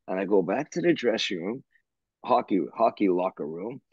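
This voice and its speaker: Older canadian guy telling a rambling story, husky voice, lots of restarts, dull dry sound. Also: on the low side, moderate pace, no echo. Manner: animated, rambling, restarts and swears. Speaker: interview guest, musician. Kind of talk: anecdotal storytelling.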